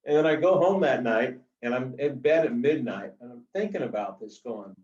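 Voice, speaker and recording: A middle-aged man telling anecdotes in a casual, animated way, full of fillers, as an author being interviewed. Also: mid-range voice, moderate pace. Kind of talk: casual storytelling. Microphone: video call. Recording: roomy, distant, dull video call audio.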